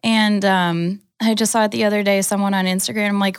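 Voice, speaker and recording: A woman's voice: mid-range voice, level tone, fairly quick, few pauses, smooth, dry recording, clean studio sound. A woman co-hosting a church podcast, talking casually and hesitantly, full of "um" and "like". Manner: agreeable, hesitant, fillers like "um" and "like". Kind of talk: casual chat.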